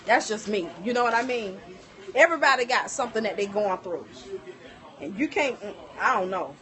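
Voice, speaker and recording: A woman's voice: mid-range voice, normal speed. A middle-aged woman chatting casually on a livestream, telling stories and talking straight to her viewers. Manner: animated storytelling, addresses viewers as y'all. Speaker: livestream host. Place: home kitchen.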